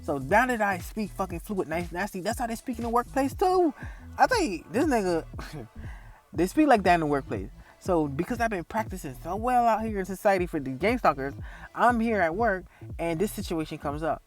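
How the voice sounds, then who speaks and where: High-voiced man ranting profanely. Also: moderate pace, faint music behind. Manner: profane, animated, laughs often. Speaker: vlogger. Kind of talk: casual storytelling rant.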